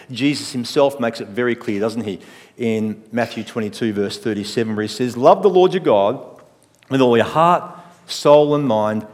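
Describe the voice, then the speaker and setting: A pastor delivers a sermon in a measured, reflective way, pausing to put rhetorical questions to his listeners. His voice sits at an ordinary middle pitch. It carries a long reverb from a church hall.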